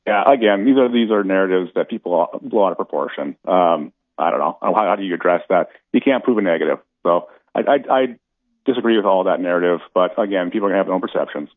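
Fast-talking low-voiced man on phone. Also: no echo. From North Dakota. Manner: rapid, halting restarts. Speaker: city commission candidate. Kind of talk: phone-in radio interview. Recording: tinny phone line, dry.

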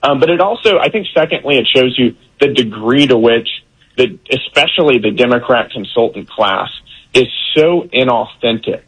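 Man from Texas, political guest, husky, indignant, fast bursts, radio line. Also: medium pitch, lively intonation, a bit bright, poor audio. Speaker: congressman guest. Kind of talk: political interview.

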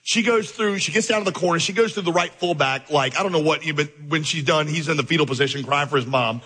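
A man preaching a sermon, spinning a story and acting out its dialogue. His voice is bright and a little husky, and it sits somewhat high for a man. It rings out with a long reverb, as in a large church hall. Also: fast talker. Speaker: pastor.

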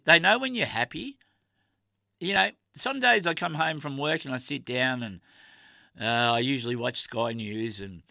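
A man's voice: a little high, creaky, sharp tone, dry recording. A middle-aged Australian man hosting a radio show, chatting in a rambling, heartfelt way with plenty of fillers. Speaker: radio host. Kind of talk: casual radio chat.

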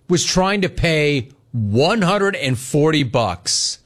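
A man hosting a sports talk show, ranting in a sarcastic, mocking, animated way. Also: fairly high pitch, takes it slowly. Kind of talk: comedic sports commentary rant.

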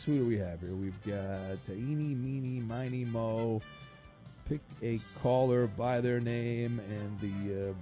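A man hosting a sports radio call-in game, joking loosely and stumbling over fillers. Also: fairly high pitch.

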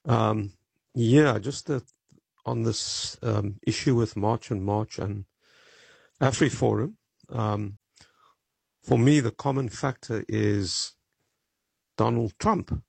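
A male caller on a radio show, hoarse from a frog in his throat, with a very gravelly, raspy voice that sits fairly low. He talks very slowly and haltingly, stopping often on ums. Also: darkish tone, dry recording. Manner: halting, hesitant with many ums.

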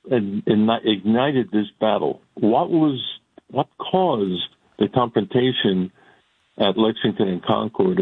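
A man calling into a radio show, talking emphatically and haltingly with many restarts. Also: lowish voice, breathy edge, no echo. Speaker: caller or guest. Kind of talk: casual radio talk. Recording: tinny phone line.

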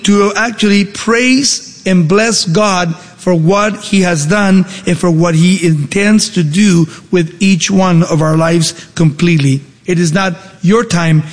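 Male pastor, high voice, emphatic sermon, long hall reverb. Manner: emphatic, rhetorical questions, shifting pace.

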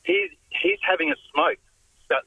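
A man calling in to a radio show, telling a story haltingly with many fillers. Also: extremely high pitch, huge pitch swings, gravelly, bright, forceful tone, no room sound, lo-fi sound. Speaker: radio caller. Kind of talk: casual storytelling on the phone.

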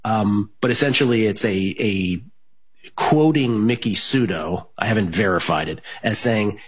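Husky low-voiced guy hosting sports betting radio, rambly, lots of ums. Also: a little slow. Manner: rambling, many fillers and restarts. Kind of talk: casual radio talk.

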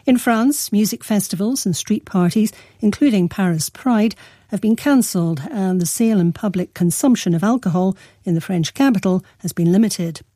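A woman newsreader reading a news bulletin in a measured, formal way. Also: medium pitch, mellow, no echo, studio quality.

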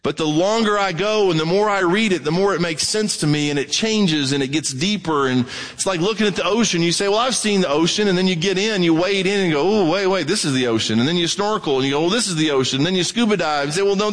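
Blunt preacher in an echoing hall. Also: male voice, high voice. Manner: plainspoken and blunt, with dramatic swings between excited and hushed. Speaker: pastor. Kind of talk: sermon. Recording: long hall reverb.

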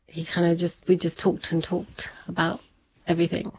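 An interview guest tells a personal story in chatty conversation, laughing often and acting out what people said in their voices. Her voice is husky and fairly low, with a flat delivery at a moderate pace. The recording has a dull lo-fi sound.

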